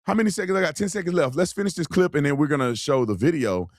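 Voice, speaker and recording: A man's voice: on the high side, fast, dry recording, studio quality. Blunt, emphatic male commentary host. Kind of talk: political commentary with ad read.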